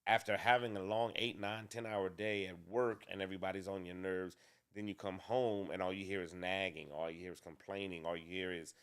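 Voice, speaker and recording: A man with a fairly low voice talks through relationship questions at an easy, considered pace. He doubles back and restarts now and then, like someone working his thoughts out aloud. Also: steady tone, fairly bright tone, smooth. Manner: deliberate, measured, with restarts. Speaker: co-host. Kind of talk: casual relationship talk.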